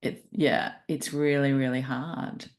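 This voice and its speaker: A woman's voice: a bass voice, steady tone, takes it slowly. A woman hosting a podcast, talking reflectively and thinking aloud in a casual interview. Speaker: podcast host.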